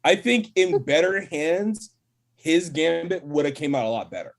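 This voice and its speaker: A man's voice: fairly high pitch, lively intonation, normal speed. A man in a casual podcast chat, hesitating and restarting as he pushes his view.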